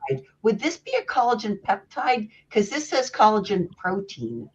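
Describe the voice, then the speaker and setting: A woman's voice: mid-range voice, big pitch swings, breathy edge. Rambling Canadian woman on a muffled call. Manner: rambling, self-deprecating, halting restarts. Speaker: guest coach. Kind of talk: casual chat on a group video call. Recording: muffled video-call audio.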